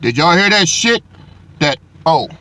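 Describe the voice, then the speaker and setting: A man's voice: on the high side, sing-song, unhurried, background noise. Mocking, profane male commentator. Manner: mocking, heavy profanity, repeats "dog". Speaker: online commentator.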